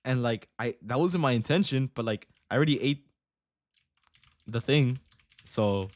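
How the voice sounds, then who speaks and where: A man's voice: medium pitch, lively intonation, measured pace. A young man hosting a livestream, telling a rambling casual story and saying bro a lot. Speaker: livestream host, day trader.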